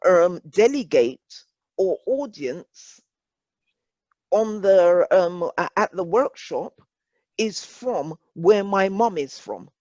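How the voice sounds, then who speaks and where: Woman workshop presenter, English accent, unhurried, dry dull call audio. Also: on the low side, expressive, darkish tone, dry recording. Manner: measured, deliberate, repeats phrases.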